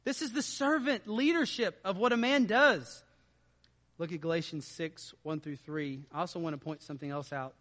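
Male pastor, high and forceful tone, conversational sermon delivery, reverberant church hall. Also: moderate pace. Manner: conversational, swings between quiet asides and loud emphatic stretches.

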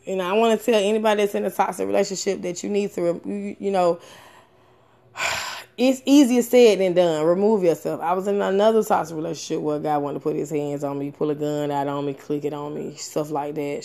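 A woman's voice: fast, gravelly, few pauses. A woman in her thirties telling a personal story candidly and frankly, swearing often, with many fillers and restarts. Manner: animated, with sudden rises in pitch and loudness. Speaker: storyteller sharing a personal experience.

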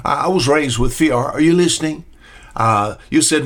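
A man's voice: on the high side, normal speed, a bit bright. An older man giving a short radio Bible talk as preacher, folksy, often repeating questions and answering imagined listeners.

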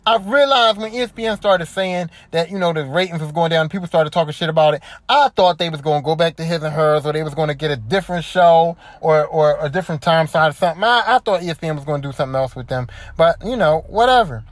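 A woman's voice: sits low, quick pace, few pauses, no echo. Lady podcaster going off, swearing a lot and repeating herself, dry close sound. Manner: profane, repetitive, worked-up commentary. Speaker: podcast host. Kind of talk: casual solo podcast rant.

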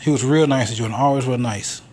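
A man's voice: medium pitch, fast, a little mellow, slightly rough. A man hosting a podcast alone, telling stories in a rambling, profane, casual way. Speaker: podcast host. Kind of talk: casual solo monologue.

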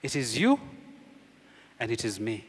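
A man's voice: wildly swooping pitch, measured pace, husky. Man preaching in a reverberant church. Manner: emphatic preaching with rhetorical questions, dropping low and quiet for key points. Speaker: pastor. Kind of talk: sermon.

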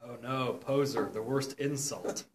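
A man's voice: mid-range voice, fairly even intonation, unhurried. A young man reacting with dry, sarcastic quips in casual chat. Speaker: co-host reacting. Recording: noticeable background noise.

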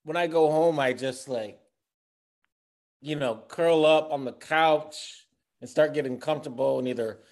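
A man's voice: mid-range voice, measured pace, vocal fry, pauses often. A man in a casual chat, talking easily about his habits.

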